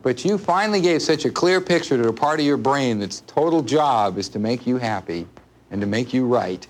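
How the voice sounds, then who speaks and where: A man's voice: mid-range voice, lively intonation, normal speed. A man teaching a live seminar to an audience in a room, speaking casually, repeating his points and asking the listeners questions. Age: adult, parent of a small child. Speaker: workshop instructor.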